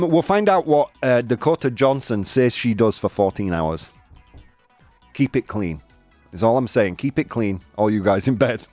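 A man's voice: medium pitch, darkish tone, dry recording. A man hosting a live show in casual chat, playful and laughing, mixing in Spanish phrases. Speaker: host of a live daily show. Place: studio in Madrid.

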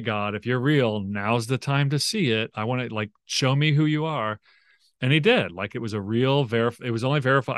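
Animated man explaining, dry close mic. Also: mid-range voice, no echo. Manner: animated, acts out quoted voices, many fillers. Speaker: biblical scholar guest. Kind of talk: conversational podcast interview.

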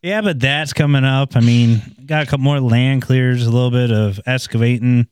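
A man's voice: mid-range voice, steady tone, moderate pace, a little mellow, clear, resonant tone, no echo, clean studio sound. A man chatting casually as a podcast co-host, laid-back, teasing and profane. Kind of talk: casual chat.

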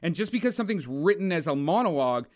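Podcast co-host, male, higher voice, blunt and expressive film critic. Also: fast talker. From Canada. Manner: opinionated, animated, swears, mocks with put-on voices. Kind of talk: casual film review chat.

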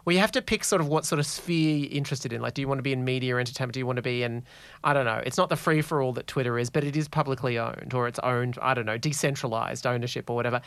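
A man's voice: medium pitch, racing, a bit bright, clear, resonant tone, no room sound. A man co-hosting a podcast in casual chat, with dry, wry, playful teasing. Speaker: podcast co-host.

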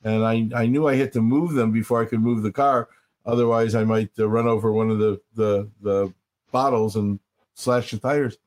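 An older man, a rabbi, talking earnestly in an interview and slowing down to stress his points as he tells stories. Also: lowish voice, steady tone, a little mellow. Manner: earnest, storytelling, slows for emphasis. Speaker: rabbi, guest speaker. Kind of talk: reflective interview talk.

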